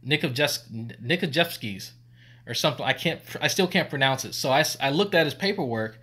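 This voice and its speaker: A man's voice: mid-range voice, expressive, moderate pace, sharp tone, husky. Man, swearing storyteller, rambling, laughs a lot, casual stream chat. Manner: profane, rambling, laughs often. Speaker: streamer telling army stories.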